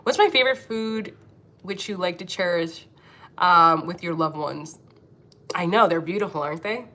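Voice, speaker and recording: Bright, brash Philadelphia woman. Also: lowish voice, normal speed. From Philadelphia, United States. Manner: blunt, profane, laughs often. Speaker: livestream host, angel medium. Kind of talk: casual livestream chat reading comments.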